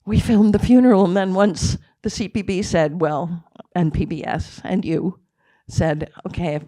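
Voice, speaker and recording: An older woman speaks in a post-screening Q&A, recounting memories in a halting, emotional way. Her voice sits at a middle pitch, and the sound is dry and close. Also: fairly even intonation, warm tone, dry recording. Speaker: film director. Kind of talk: Q&A after a screening.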